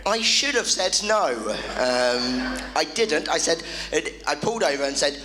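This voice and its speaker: A male comedian telling an animated stand-up story on a club stage, punchy and quick to the punchline. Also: on the high side, rough recording. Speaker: comedian and compere.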